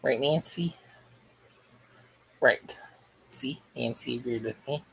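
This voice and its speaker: A man's voice: medium pitch, takes it slowly, creaky, bright, forceful tone, slight background noise, rough recording. A man hosting a crochet livestream, chatting casually and jokily while reading the live chat aloud as he works.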